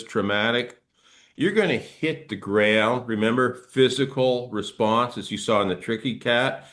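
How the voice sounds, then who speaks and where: A middle-aged man, a trauma therapist, gently guiding listeners through arm-swing exercises and explaining body reactions. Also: mid-range voice. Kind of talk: guided movement instruction.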